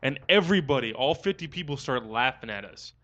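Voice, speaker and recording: A young man co-hosting a loose, casual podcast. He tells his story in an animated way and acts out the quoted dialogue as he goes. His pitch sits in the middle range for a man. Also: a little fast, dull audio. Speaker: podcast co-host.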